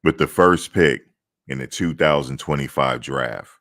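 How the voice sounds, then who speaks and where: A man playing a formal draft-night announcer, reading out the pick slowly and deliberately. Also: fairly bright tone, full character voice. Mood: announcing. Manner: slow, booming, deliberate.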